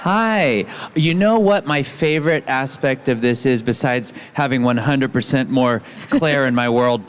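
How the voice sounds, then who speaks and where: A man's voice: mid-range voice, unhurried, a little hiss or hum. An American man joking and rambling as a guest on a convention panel stage. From United States. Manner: playful, joking, rambling with restarts. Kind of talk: casual convention panel banter. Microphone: handheld mic with stage monitor.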